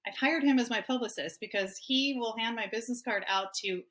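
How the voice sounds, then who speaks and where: A woman's voice: fairly high pitch, a little fast, fairly bright tone. A woman in her fifties from Hawaii, a guest author telling personal stories in an open, emotional way and laughing often. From Hawaii, United States. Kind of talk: candid personal storytelling.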